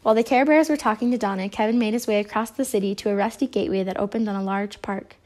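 A woman reading a children's picture book aloud in a gentle, expressive way. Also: medium pitch, quick pace. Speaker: storybook reader. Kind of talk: read-aloud children's story.

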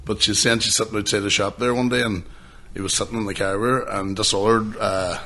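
A man's voice: lowish voice, flat delivery, quick pace, bright, forceful tone. A man co-hosting a podcast, telling sweary stories in casual chat with bursts of laughter. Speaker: podcast co-host.

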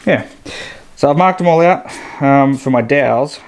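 A man's voice: mid-range voice, normal speed. An Australian man talking casually as he builds, thinking aloud and picking at his own mistakes in a workshop. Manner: thinking aloud, self-critical, easygoing. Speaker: boat builder vlogger. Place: boat shed workshop. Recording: echoey workshop, faint background noise.

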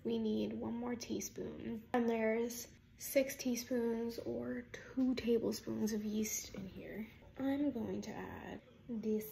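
Chatty, quiet woman cooking at home, fairly high voice, dishes clattering behind. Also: fairly even intonation, slow, vocal fry, a little hiss or hum. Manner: quiet, chatty, murmurs at times. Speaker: home cook, channel host. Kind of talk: casual cooking vlog. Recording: kitchen clatter of dishes and utensils.

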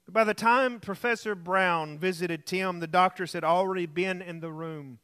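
A man preaching a sermon, telling a story and dropping to a soft voice for emphasis. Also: high-pitched, normal speed, hardly any pauses. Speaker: pastor. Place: church.

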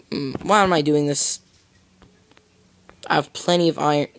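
A man's voice: a little high, fairly even intonation, moderate pace, long pauses. A young American man rambling through casual gameplay commentary, goofy and full of silly "boop" sound effects. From United States. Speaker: gamer.

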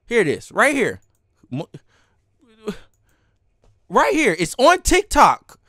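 A man's voice: extremely high pitch, wildly swooping pitch, unhurried, pauses often, pushed and bright, no echo. Pissed-off guy on a live stream, voice jumps all over, swearing a lot, dry close mic. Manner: heated, swearing, laughing between lines.

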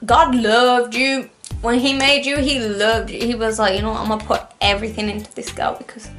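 A young woman reacting on her vlog, excitable and rambling, often gasping. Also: high voice. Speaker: music reaction YouTuber. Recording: faint music playing behind. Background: faint music.

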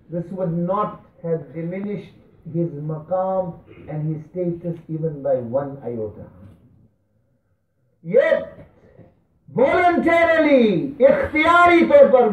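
A man preaching a sermon in a mosque hall, impassioned, swinging between high cries and hushed tones. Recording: distant, tinny, echoey mosque recording.

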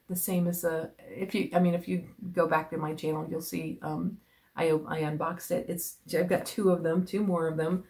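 A woman vlogger chatting casually as she unboxes gifts on camera, gushing and often dropping into breathy whispers of delight, rambling with restarts. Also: sits low, flat delivery, moderate pace, darkish tone. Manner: rambling with many restarts and fillers. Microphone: camera mic.

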